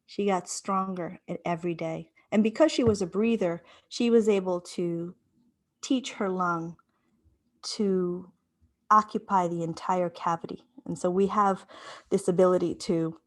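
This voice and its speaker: A woman's voice: on the low side, fairly even intonation, unhurried. A woman giving a public talk, telling a personal story in repeated, rhythmic phrases and often checking in with her listeners. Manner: checks in with listeners, asking "right?". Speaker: invited speaker.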